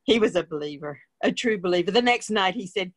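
A woman's voice: mid-range voice, expressive, a little fast, no room sound. A woman guest in a casual interview, telling a story in a plain, rambling way with many fillers.

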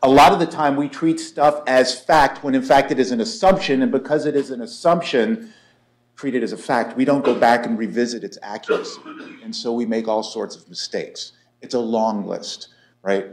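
A man's voice: medium pitch, fairly even intonation, moderate pace. A man in his forties giving a conference lecture, wry and story-driven, often checking in with "right?". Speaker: conference speaker, war college lecturer. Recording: echoey lecture room.

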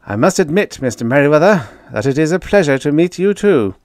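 A man doing a stern, forceful president. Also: fairly high pitch, sing-song, fairly quick, no room sound, studio quality, voice pushed up. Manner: stern, formal. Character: grave, stern male head of state.

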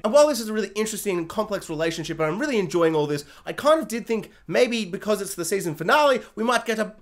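A man with a high speaking voice talks through a show review in a loose, rambling way. He jokes, trails off and doubles back on himself mid-thought. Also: animated, very fast, hardly any pauses. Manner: rambling, jokey, self-correcting, puts on silly voices for characters. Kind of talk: casual spoken review.

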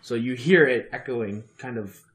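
A man narrating as game master of a tabletop game, halting and restarting as he describes scenes. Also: mid-range voice, a bit bright, reverberant.

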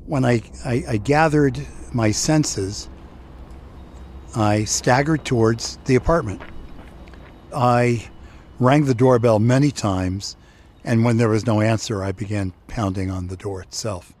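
A man telling a personal story in a reflective, halting way. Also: medium pitch, a little mellow, slight background noise. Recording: produced podcast with music bed.

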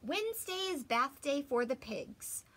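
Slow, expressive woman reading aloud. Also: sits high. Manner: gentle and expressive, with gasps and whispers. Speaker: teacher reading to children. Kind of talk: children's picture book read-aloud.

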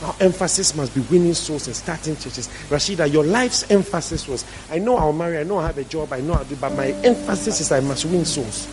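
A man's voice: a little high, brisk, hardly any pauses, over music, poor audio. A man preaching a sermon as pastor, emphatic and repeating his key phrases for stress.

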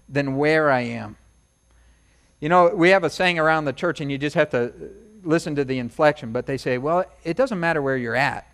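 High-voiced animated preaching man. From United States. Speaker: pastor. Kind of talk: sermon.

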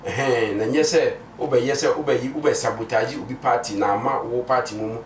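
A man with a Ghanaian accent giving a measured, earnest opinion in a street interview, speaking mostly Twi with some English. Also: mid-range voice, fairly even intonation. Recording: echoey, distant mic, faint noise.

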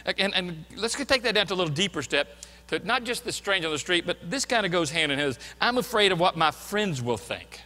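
A man's voice: high voice, sharp tone, in a large hall. A man preaching a sermon as a pastor, earnest and emphatic, repeating his key points. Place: church sanctuary.

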